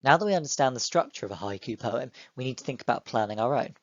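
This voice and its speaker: Young male teacher, dry close mic, mid pitch, clear and encouraging with children. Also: animated, quick pace, no room sound, highs cut off. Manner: clear, encouraging, speaks to pupils directly. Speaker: primary school teacher. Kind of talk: online lesson for children.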